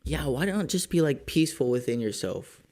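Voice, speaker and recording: A man's voice: mid-range voice, big pitch swings, a little fast, a little mellow. A man hosting a podcast, telling a story in a casual, profane, rambling way with lots of fillers. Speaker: podcast host. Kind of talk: casual chat.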